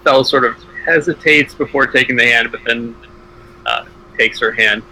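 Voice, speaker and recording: A man's voice: medium pitch, moderate pace, bright, forceful tone, rough recording. A man playing a tabletop game, describing his character's actions hesitantly. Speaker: player.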